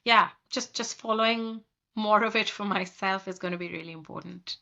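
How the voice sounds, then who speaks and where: Yoga therapist woman, calm and slow, bright voice, kinda muffled audio. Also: mid-range voice, gravelly. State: slightly under the weather. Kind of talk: casual interview chat.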